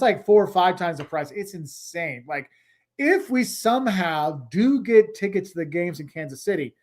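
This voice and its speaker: A middle-aged man hosting a casual travel livestream, chatting and rambling as he answers viewer comments. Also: sits high.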